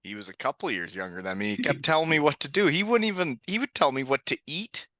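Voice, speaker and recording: A man hosting a casual podcast chat, animated and laughing often. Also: medium pitch, quick pace, no echo. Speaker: podcast host.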